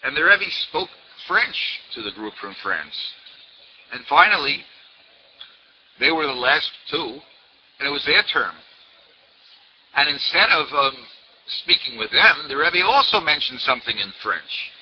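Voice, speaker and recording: A man's voice: fairly high pitch, sing-song, unhurried, pauses often. A man in his sixties, a rabbi, telling a story in a sermon, repeating words for emphasis. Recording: dull lo-fi recording with faint noise.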